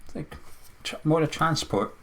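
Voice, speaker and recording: A man's voice: a little high, normal speed, creaky, fairly bright tone. Chatty rambling man podcast co-host. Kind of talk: casual chat.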